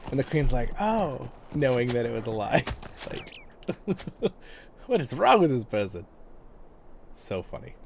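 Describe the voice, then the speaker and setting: A man's voice: mid-range voice, very animated, a little fast, gravelly, a little hiss or hum. A man hosting a livestream, chatting casually and rambling as he plays, laughing often. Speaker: livestream host and guide. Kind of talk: casual gameplay commentary.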